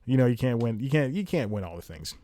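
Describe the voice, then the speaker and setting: A man's voice: mid-range voice, expressive, fast talker, mellow, no room sound. A man hosting a casual solo podcast from home, rambling, restarting his sentences and laughing often. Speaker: podcast host.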